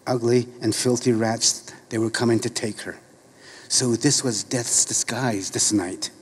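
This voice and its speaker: A middle-aged man reading a story aloud in a slow, measured, solemn way. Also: medium pitch.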